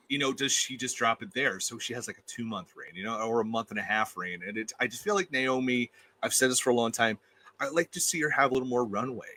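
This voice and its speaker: A man's voice: mid-range voice, pushed and bright. A man appearing as a guest reviewer, talking in an emphatic, opinionated way and often repeating himself. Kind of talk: casual opinionated chat.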